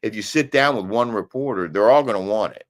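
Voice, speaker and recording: A man's voice: lowish voice, a little fast. A middle-aged man co-hosting a live show from a hotel room, chatting casually, reading viewer comments and arguing his points with emphatic bursts. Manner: animated, emphatic, argumentative bursts. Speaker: co-host of a live daily show.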